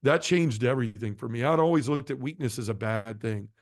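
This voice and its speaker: A middle-aged man tells his faith testimony with earnest passion. His voice sits at an ordinary male pitch and rises and falls in volume with the story. The sound is dry and close. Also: fairly quick, no room sound. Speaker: guest sharing a conversion testimony.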